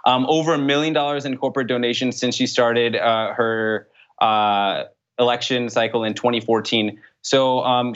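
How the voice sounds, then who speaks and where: Young guy running for office, earnest and quick with lots of ums, muffled lo-fi audio. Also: medium pitch, fairly bright tone. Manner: earnest, brisk, with frequent fillers. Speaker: congressional candidate. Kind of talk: casual interview answers. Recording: dull lo-fi sound.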